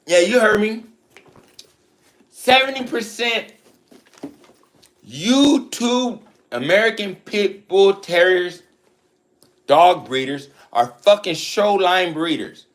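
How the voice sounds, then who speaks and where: A dog breeder talks straight at the camera in a blunt, swearing, boastful rant. His voice sits a little high for a man, and he mocks his rivals as he goes. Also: expressive, takes it slowly, long pauses.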